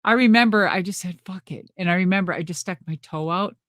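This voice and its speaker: A middle-aged woman rambles through a backstage story, laughing often and acting out what others said. Her voice sits low for a woman. The sound is dry and close. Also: fast, fairly bright tone, dry recording. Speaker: interview guest. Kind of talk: casual storytelling interview.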